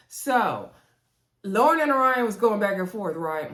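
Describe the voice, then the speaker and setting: A woman recapping a reality show episode in a casual, sassy way, with lively asides to her viewers. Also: mid-range voice, a little slow, roomy sound. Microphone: camera mic.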